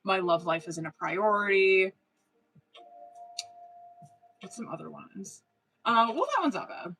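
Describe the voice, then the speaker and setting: A woman's voice: mid-range voice, big pitch swings, slow, vocal fry, pauses often, fairly bright tone, low-quality recording. A woman giving tarot readings on a casual live stream, slangy and profane, laughing often and calling viewers girl and boo. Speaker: tarot reader.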